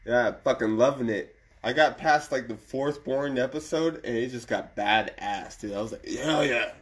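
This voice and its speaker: A man's voice: mid-range voice, moderate pace. A man co-hosting a casual chat show, laid-back, swearing often and laughing a lot.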